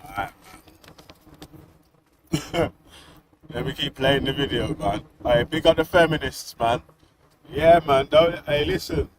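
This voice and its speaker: A man's voice: mid-range voice, slow, pauses often, very noisy. A man with a Nottingham accent chatting casually while reacting to videos, laughing constantly and swearing in slangy banter. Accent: Nottingham English.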